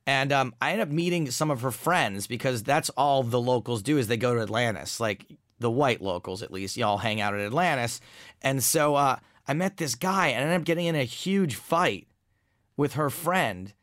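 A man's voice: medium pitch, animated, moderate pace, a bit bright, dry recording, clean studio sound. An American man co-hosting a casual podcast, telling crude, self-mocking anecdotes with lots of animation. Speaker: podcast co-host.

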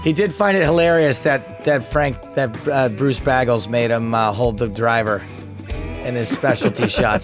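A man co-hosting a podcast in casual chat, joking and animated with mocking asides. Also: medium pitch, moderate pace, over music. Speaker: podcast co-host.

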